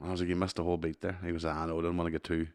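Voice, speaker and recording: A Northern Irish man with a very low voice, co-hosting a comedy podcast. His replies are dry and laid-back, with casual swearing throughout the chat. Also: level tone, racing, a little mellow. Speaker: podcast co-host.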